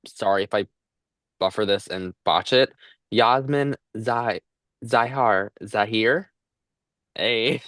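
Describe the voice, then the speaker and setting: Give me a halting young man co-hosting a book chat, recorded dry. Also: medium pitch, no room sound. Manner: relaxed, halting, stumbles over words. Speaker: co-host of a book podcast. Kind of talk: casual chat.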